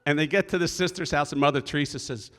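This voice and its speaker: A man's voice: on the high side, fast talker, fairly bright tone. A middle-aged man, a deacon, telling stories in a folksy, earnest sermon at a conference. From Philadelphia area. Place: conference hall stage. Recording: echoey hall.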